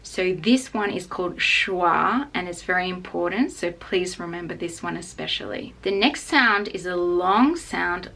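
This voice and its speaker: A woman with an Australian accent teaching English pronunciation, saying each example word slowly and repeating it. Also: on the low side, fairly bright tone. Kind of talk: pronunciation lesson.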